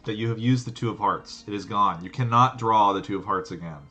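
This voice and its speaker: A man's voice: fairly low pitch, fairly quick, bright, forceful tone, soft background music. A man narrating as game master of a tabletop game over a video call, describing scenes loosely with plenty of "like" and "um". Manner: loose and rambling, full of fillers.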